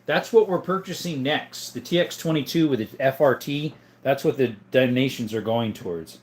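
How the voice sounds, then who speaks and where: A man hosting a casual livestream, chatting in a relaxed, rambling way and answering viewers. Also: medium pitch, moderate pace. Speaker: livestream host.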